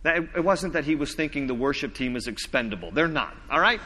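Bright-voiced pastor preaching in a hall. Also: male voice, expressive, a little hiss or hum. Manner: teaching, reads scripture slowly, drops low and soft for emphasis. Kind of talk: sermon.

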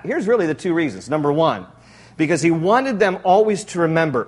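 Male pastor with a high voice, animated, jokey sermon delivery. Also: quick pace. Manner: animated, jokey preaching with frequent laughs.

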